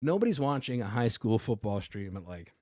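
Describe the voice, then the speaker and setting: A man's voice: lowish voice, sing-song, a little fast, dark tone, no room sound, studio quality. A middle-aged man with a New York accent, a comedian guest telling a story in casual podcast chat, acting out both sides of the dialogue. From Staten Island, New York.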